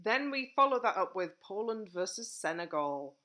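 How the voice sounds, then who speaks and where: A woman hosting a casual podcast chat, briskly steering the conversation from topic to topic. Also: medium pitch, big pitch swings, bright, forceful tone. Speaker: podcast host.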